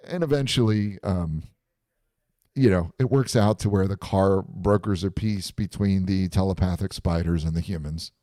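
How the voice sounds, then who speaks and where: A man's voice: deep voice, normal speed, dark tone, no echo, studio quality. A man hosting a live stream chat, animatedly retelling a story and laughing often.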